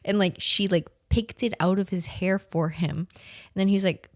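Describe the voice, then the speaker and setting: A young woman in her twenties from the southern United States, telling a story in a casual, animated, profane way, full of slang and "like". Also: medium pitch, normal speed, dry recording, clean studio sound. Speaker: podcast host.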